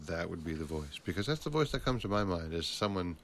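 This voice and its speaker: A man with a fairly low voice chats casually as a podcast co-host. He tells stories in a rambling, animated way, full of restarts. A faint hiss of noise sits under the recording. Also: fast, hardly any pauses. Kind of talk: casual chat.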